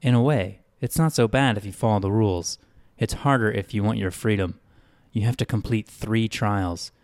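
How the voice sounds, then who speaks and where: A man voicing a nervous male prisoner who gives blunt, hushed warnings about the town's rules. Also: on the low side, normal speed, dry recording, lightly acted. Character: jittery male long-time prisoner, fearful and blunt.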